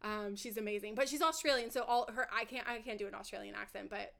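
A woman co-hosting a podcast in casual chat, excitable and loud, laughing often as she talks into a microphone. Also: medium pitch, quick pace, creaky. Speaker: podcast co-host. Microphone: studio microphone.

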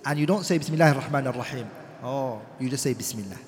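A man teaching a classroom lecture, reciting Arabic text quickly and then explaining it in English, putting questions to the class. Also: mid-range voice, slight background noise. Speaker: teacher of Islamic law. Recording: echoey hall.

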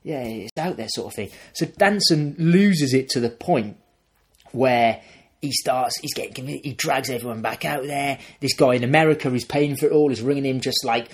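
A young man, a podcast co-host, casually retelling a film plot in a rambling, animated way and acting out the characters. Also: medium pitch, moderate pace, breathy edge.

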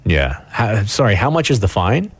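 Male radio sidekick, dry close studio sound, deadpan one-liners. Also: fairly low pitch, normal speed, breathy edge, no echo. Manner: deadpan wisecracks. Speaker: radio morning show co-host. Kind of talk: joking morning radio banter.

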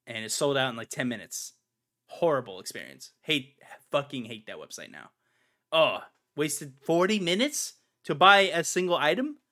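Young guy hosting a podcast, bright voice, rants and repeats himself a lot. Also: on the high side, sing-song, moderate pace. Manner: ranting, emphatic, repeats himself. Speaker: podcast host. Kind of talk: casual podcast chat.

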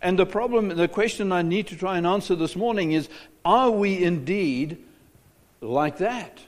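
A man's voice: high-pitched, normal speed, long reverb tail. A South African man preaching a sermon as a pastor, asking rhetorical questions and often repeating his words.

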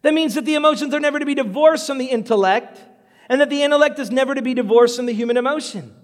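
High-voiced guy preaching in a church, acting out bible scenes, big echoey hall. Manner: animated, acts out Bible scenes in quick voices. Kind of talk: sermon.

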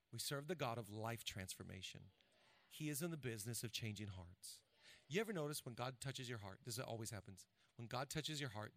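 A man in his forties preaching a sermon to his congregation, swinging between loud bursts and hushed asides. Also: medium pitch. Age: 40s. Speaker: pastor.

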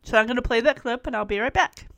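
A woman's voice: fairly high pitch, fast, creaky, heavy background noise. A middle-aged woman chatting casually through an episode recap, rambling with little laughs. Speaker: show recapper.

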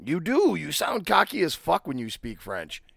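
A man's voice: on the high side, wildly swooping pitch, normal speed, vocal fry, a bit bright, slightly rough, dry recording, clean studio sound. A young man from Michigan co-hosting a podcast, joking and swearing through loose banter. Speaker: podcast co-host. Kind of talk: casual chat.

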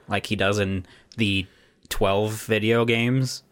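A man's voice: on the low side, flat delivery, slow pace, fairly bright tone. A young man co-hosting a podcast, chatting casually and rambling with lots of restarts and fillers. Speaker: podcast co-host. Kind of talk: casual chat.

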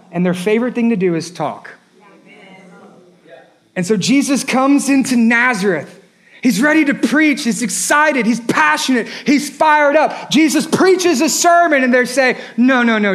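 A man's voice: extremely high pitch, a bit bright. A man preaching a sermon as a pastor, emphatic and repetitive, rising and dropping his voice for effect.

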